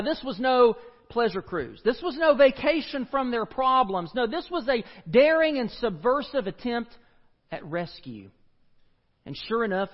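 A man pastor preaching a sermon in a church, dramatic, with sharp rises and falls in pitch and volume. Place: church sanctuary. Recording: dull lo-fi audio with long church reverb.

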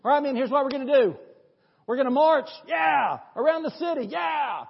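A pastor acting out Joshua, a commander rallying his men with excited shouts. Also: extremely high pitch, normal speed, gravelly, heavily acted. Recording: dull audio with long church reverb.

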